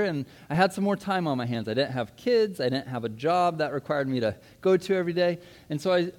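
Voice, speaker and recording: A man in his thirties, a pastor giving a sermon, telling a personal story in a lively way and acting out his own past words. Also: fairly high pitch. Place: church.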